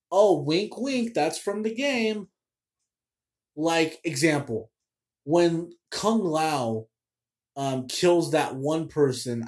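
A man's voice: on the high side, a little mellow. A man hosting a casual movie review show, ranting in a chatty, exasperated way with lots of fillers.

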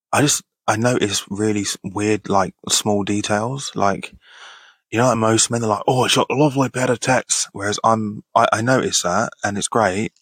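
A man around thirty chats through listener questions on his podcast. His voice sits on the low side with a slightly husky grain. He stays easygoing, laughs a lot and swears without thinking, recorded close and dry. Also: a bit bright, no echo. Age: 30s. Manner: laid-back, laughs often, swears casually. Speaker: podcast host. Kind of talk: casual Q&A reading listener questions.

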